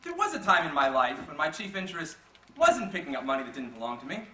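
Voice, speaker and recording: An actor playing a sly servant and reformed petty thief in a live student stage play, talking in chatty, confiding asides. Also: male voice, fairly high pitch, big pitch swings, fast, pushed and bright. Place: theater stage. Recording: echoey hall from far off, faint noise.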